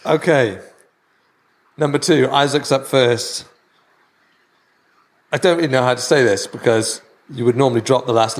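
A man running a quiz on a casual podcast, playful and teasing, laughing a lot. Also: medium pitch. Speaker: podcast co-host, quizmaster.

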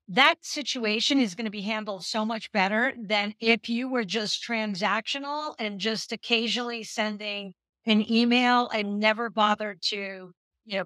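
A woman's voice: mid-range voice, pushed and bright, no room sound. A woman from New York City, a sales executive guest, explaining confidently on a podcast. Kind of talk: podcast interview.

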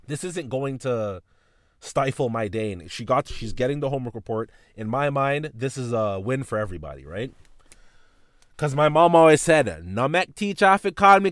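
Man, podcast host, casual storytelling, lively swinging pitch, dry close sound. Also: brisk, no room sound. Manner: animated, profane, voices his teacher and mom in retelling.

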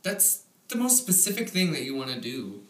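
A woman's voice: low voice, big pitch swings, normal speed, reverberant. A woman co-hosting a casual podcast, swearing freely and laughing while mocking personal ads she reads aloud. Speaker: podcast co-host.

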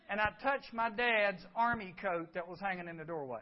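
A man giving a youth sermon, an animated storyteller who acts out scenes and drops into hushed tones. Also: sits high, fairly quick, hardly any pauses, a little hiss or hum. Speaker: youth camp speaker. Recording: dull lo-fi recording.

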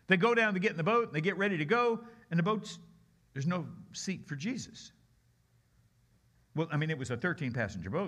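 A male guest preacher delivers a sermon with real storytelling flair and acts out each character along the way. His voice is slightly husky but bright and forceful, and it sits a little higher than most men's. He jumps from big, loud exclamations to quiet, slow asides.

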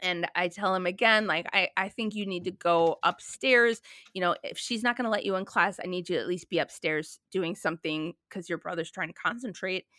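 A woman in her thirties in casual chat, telling a story with lively quoted dialogue. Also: fairly low pitch, brisk, no room sound.

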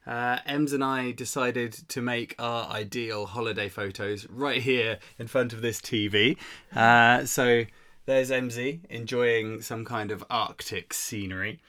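A man's voice: mid-range voice, fairly even intonation, measured pace, bright, forceful tone. A man co-hosting a live community radio stream in an upbeat, chatty way. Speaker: radio show co-host. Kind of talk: casual live-stream chat.

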